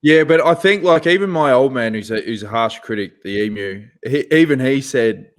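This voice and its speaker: A man's voice: medium pitch, lively intonation, moderate pace, hardly any pauses. A man co-hosting a podcast in loose, easy chat. He is laid-back, calls people mate and swears freely. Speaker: podcast co-host. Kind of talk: casual chat.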